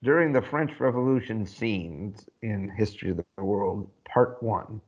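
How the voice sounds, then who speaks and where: A man's voice: on the low side, unhurried, breathy edge, dull audio. A man in a casual chat as podcast co-host, trading dry teasing jokes.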